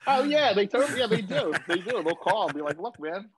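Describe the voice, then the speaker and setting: A man's voice: high-pitched, big pitch swings, a little fast, slightly rough. A man in his thirties telling stories in a casual chat in his home garage, swearing freely and acting out the voices of people he quotes. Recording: dull, slightly lo-fi sound.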